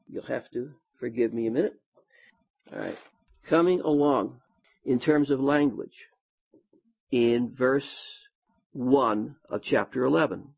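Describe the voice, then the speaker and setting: A man from the United States, teaching a sermon with animated, folksy asides. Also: mid-range voice, creaky, husky. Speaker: Bible teacher. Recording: dull lo-fi sound.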